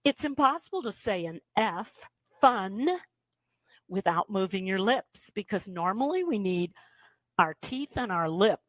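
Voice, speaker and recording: A woman's voice: medium pitch, lively intonation, measured pace, no room sound. A woman teaching a beginners' ventriloquism workshop, patiently coaching step by step and demonstrating sounds. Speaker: ventriloquism instructor.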